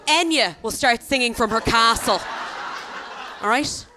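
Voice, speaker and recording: A woman's voice: on the high side, measured pace, background noise. Irish woman doing chatty stand-up. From Ireland. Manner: chatty storytelling with tag questions. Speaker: stand-up comedian. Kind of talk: stand-up comedy set. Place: comedy venue stage.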